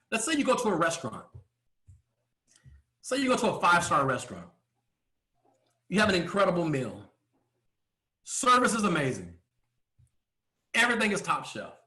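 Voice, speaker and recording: A man giving a motivational speech to a live audience from a stage, emphatic and full of rhetorical questions and pauses. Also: sits high, very animated, pushed and bright, reverberant. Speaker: motivational speaker.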